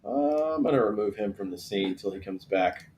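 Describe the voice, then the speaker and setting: A man's voice: low-pitched, moderate pace, dull audio, slight background noise. A man hosting a live draft stream, telling stories in a laid-back, casual way. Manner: chatty, storytelling, laid-back with swearing. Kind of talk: casual chat. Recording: echoey room.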